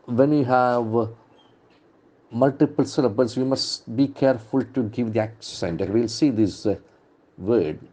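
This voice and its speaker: A man's voice: mid-range voice, a little slow, mellow. A man teaching English vocabulary from the newspaper, repeating words and stressing their syllables. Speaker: English trainer.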